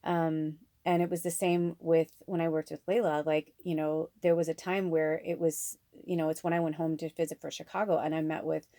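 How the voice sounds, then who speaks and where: Chatty, rambling woman with a lowish voice. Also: level tone, normal speed, hardly any pauses, dark tone, dry recording, clean studio sound. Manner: rambling, effusive, frequent fillers and self-corrections; swears casually. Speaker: spiritual medium and oracle card reader. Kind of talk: casual rambling vlog monologue.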